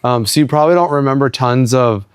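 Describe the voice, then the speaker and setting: A man's voice: mid-range voice, quick pace, smooth, no echo. A man interviewing a guest in a casual conversation, encouraging him with short affirmations.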